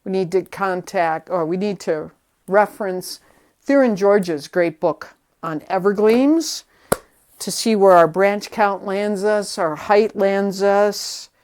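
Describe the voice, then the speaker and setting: Woman, chatty DIY vlogger, talks to herself while working, mid-pitch. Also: slow pace, darkish tone, a little hiss or hum. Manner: chatty, self-talking while working, nervous. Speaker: vlogger restoring a vintage tree. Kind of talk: casual hands-on how-to narration.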